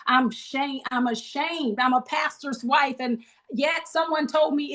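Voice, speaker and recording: High-voiced woman leading a grief group. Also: a little slow, few pauses, a bit bright. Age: middle-aged. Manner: call-and-response, preacherly encouragement. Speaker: grief ministry leader. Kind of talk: leading a support group on a video call. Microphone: video call.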